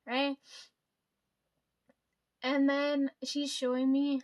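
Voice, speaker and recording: A woman with a high-pitched voice chats straight to her viewers. She rambles through a story, swears freely and keeps tagging her sentences with "like" and "right?". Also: steady tone, normal speed. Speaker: vlogger. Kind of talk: casual storytime chat.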